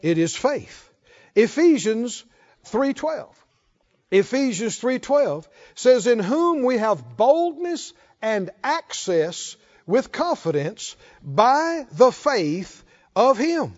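A male pastor preaches a sermon in a very high, lively voice, moving slowly and emphatically toward fervent calls. The recording is dull and lo-fi.

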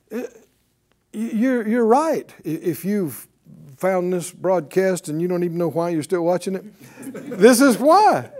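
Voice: medium pitch, warm tone. A Bible teacher giving a broadcast lesson in a conversational way, often asking the audience rhetorical questions and chuckling while telling the story.

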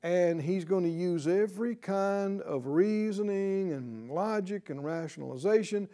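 A middle-aged man preaching a Bible teaching sermon in an earnest, deliberate way, asking his listeners rhetorical questions. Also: high voice, dark tone.

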